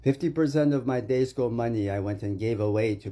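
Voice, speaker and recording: A man's voice: medium pitch, a little fast, dark tone. A Canadian man delivering an agitated, profane rant to the camera, accusing someone and repeating his name.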